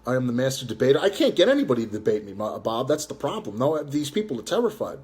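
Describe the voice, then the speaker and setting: A man's voice: mid-range voice, big pitch swings, quick pace, a little mellow. A man livestreaming a combative rant, reading chat aloud and taunting viewers, swearing and jeering as he goes. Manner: swears and jeers.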